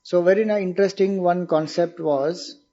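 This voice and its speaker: A man's voice: high voice, fairly even intonation, moderate pace, warm tone. A man with an Indian English accent giving an informal spiritual talk, explaining ideas conversationally and asking his listeners rhetorical questions. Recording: dull lo-fi recording.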